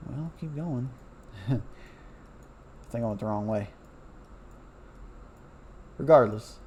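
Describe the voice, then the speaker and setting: Gravelly, mellow-voiced man rambling casually. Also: fairly low pitch, a little hiss or hum. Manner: loose and chatty, many fillers, self-correcting. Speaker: former railroad worker. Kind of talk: casual rambling talk over a map.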